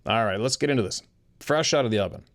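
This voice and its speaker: A man's voice: medium pitch, lively intonation, quick pace. A man hosting a show, telling odd personal stories in a rambling way and chuckling as he talks to his listeners. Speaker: host reading listener stories. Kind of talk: casual storytelling.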